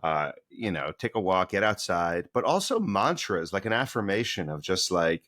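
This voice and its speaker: A man speaks as a guest on a podcast, sharing coaching advice earnestly and with energy. His voice is low. The recording is dry and close-miked. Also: very animated, moderate pace, a bit bright, no room sound. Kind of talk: casual interview chat.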